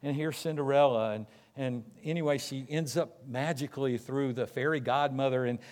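A man preaching a sermon, telling stories in a lively, conversational way and slipping into quick voices for the people in them. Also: medium pitch. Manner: animated storytelling, acting out characters in quick asides. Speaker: pastor.

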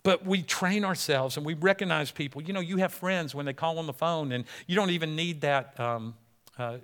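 Male pastor, middle-aged, bright and slightly high voice, lively preaching with acted-out quotes. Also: moderate pace. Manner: animated, acts out people in quoted dialogue. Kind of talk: sermon.

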